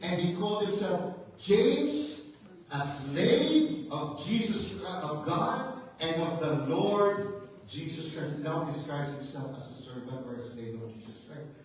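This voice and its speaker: Male pastor, high voice, fervent sermon delivery, recorded from a distance in a very echoey church. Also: animated, measured pace, a little hiss or hum. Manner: emphatic preaching, rhetorical questions, rising to intense fervor. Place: church sanctuary.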